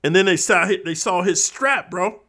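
A man's voice: high voice, moderate pace, pushed and bright. A man talking in a casual vlog monologue, streetwise and preachy, constantly calling the listener bro. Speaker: vlogger.

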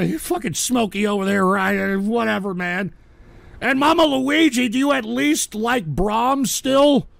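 A ranting man with a high, gravelly voice that cuts through with a sharp, bright edge. He swears constantly and yells at his chat between weary grumbling, recorded very dry and close. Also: no echo. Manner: angry profane ranting, shouting at chat. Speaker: livestream radio show host. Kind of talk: ranting livestream talk reading chat.

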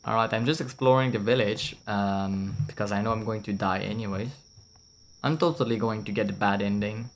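A young man streaming a video game, chatting in a loose, joking way that rambles from thought to thought. His voice sits fairly low, and faint insect and cricket ambience from the game runs behind him. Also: brisk, a little hiss or hum. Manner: jokey, rambling, swears, laughs often. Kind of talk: casual game commentary.

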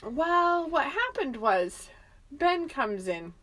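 A middle-aged woman with a high voice co-hosts a casual podcast. She tells a story with animated energy and frequent bursts of laughter. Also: takes it slowly. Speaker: podcast co-host.

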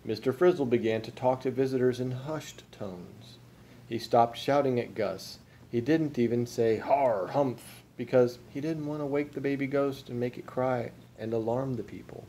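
Man, dad, reading a picture book aloud, asks the kids questions, mellow tone. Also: mid-range voice, slight background noise. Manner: storytelling, pausing to ask the listener questions. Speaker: father.

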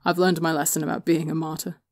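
A gentle young older brother who teases softly, as a woman reads him. The voice is low-set and dry, with quiet guitar behind it in a storybook reading. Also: level tone, fast, no echo. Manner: soft, gently teasing.

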